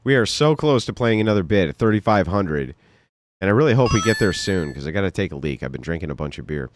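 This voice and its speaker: A man's voice: deep voice, lively intonation, fast talker, slight background noise. A young man hosting a livestream, casually reacting to a clip, laughing a lot and swearing. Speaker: livestream host.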